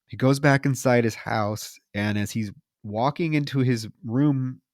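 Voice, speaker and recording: In a casual film recap chat, this podcast co-host retells a movie scene by scene, animatedly voicing the characters' lines. He speaks at a medium pitch and a measured pace, recorded in studio quality with no room sound.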